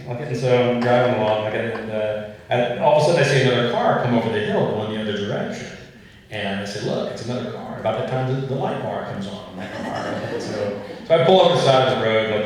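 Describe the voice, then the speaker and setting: Folksy deep-voiced man in an echoey hall. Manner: folksy, rambling anecdotes with many fillers. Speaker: author speaking at an event. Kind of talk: storytelling talk and Q and A. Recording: roomy echo, voice far from mic.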